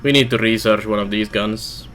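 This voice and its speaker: A man's voice: fairly even intonation, moderate pace, a bit bright, soft background music. A Finnish man with a Finnish accent, chatting casually while streaming a game. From Finland. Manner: musing, low-key chat while playing. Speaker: let's play streamer. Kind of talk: casual gameplay commentary.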